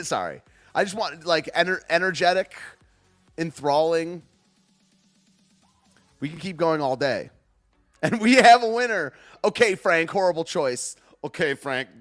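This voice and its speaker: A podcast host delivers a casual political rant, sarcastic and rambling, laughing at himself along the way. His voice is a little high and a bit bright.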